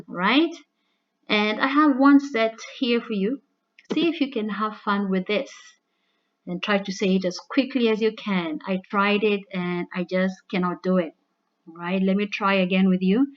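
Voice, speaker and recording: A woman's voice: medium pitch, measured pace, lo-fi sound. Chatty woman teaching an English lesson. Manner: conversational with frequent "all right" and "you know". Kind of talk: recorded classroom lesson.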